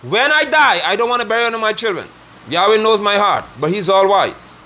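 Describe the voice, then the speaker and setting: A middle-aged man delivering a forceful, scolding sermon online, preaching hard at his listeners. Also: high-pitched, expressive, brisk.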